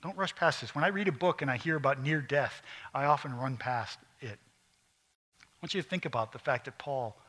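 A middle-aged male pastor preaching a sermon, emphatic at times and dropping to quiet, intense asides. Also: mid-range voice, moderate pace.

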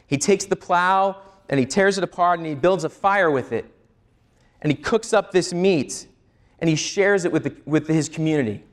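A man's voice: a little high, normal speed. A male pastor preaching a sermon, teaching earnestly and asking the listeners rhetorical questions.

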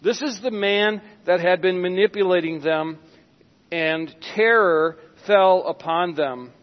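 A man with a high voice preaches slowly and deliberately, letting his words stretch out. His delivery turns dramatic, sinking to a hush and then rising again as he acts out Bible scenes. The sound is dull and lo-fi, with a long reverb tail from a large church hall. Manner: dramatic, with sudden hushed drops and acted-out quotes. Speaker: pastor. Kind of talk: sermon.

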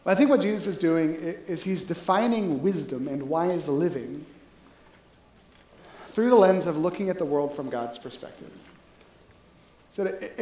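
A pastor preaching a sermon in a relaxed, conversational way, often checking in with the listeners. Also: mid-range voice, roomy sound, rough recording.

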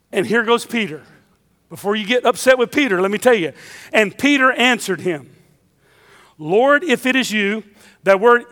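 Man, preacher, high voice, emphatic sermon, long sanctuary reverb. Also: a bit bright. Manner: emphatic, repeating key phrases.

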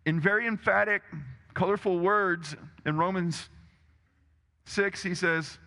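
A man's voice: sits high, steady tone, measured pace, pauses often, pushed and bright. A man preaching a sermon as pastor, emphatic and conversational, asking the congregation rhetorical questions. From Texas, USA. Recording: long hall reverb.

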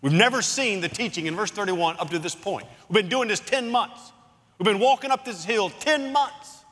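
Guy pastor preaching in a church, bright kinda forceful voice, long hall echo. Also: high-pitched. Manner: expository Bible teaching, emphatic dramatic pauses. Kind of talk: sermon. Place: church sanctuary.

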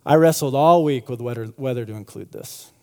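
A man's voice: mid-range voice, fairly quick, a little mellow. A man preaching a sermon in a loose, conversational way, with many fillers and restarts. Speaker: pastor. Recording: long hall reverb.

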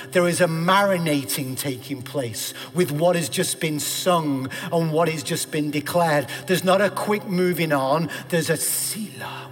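A man's voice: fairly high pitch, husky. Male pastor preaching in a reverberant church. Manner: emphatic preaching that swings from loud declarations to hushed pleas. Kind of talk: sermon. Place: church sanctuary. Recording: long hall reverb with faint music.

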